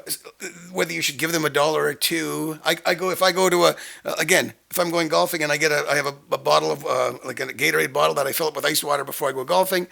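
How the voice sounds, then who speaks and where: A middle-aged man with a high, heavily gravelly voice tells a rambling story. His tone is bright and edgy, and he sounds exasperated, restarting his sentences as he goes. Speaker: host. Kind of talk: casual monologue.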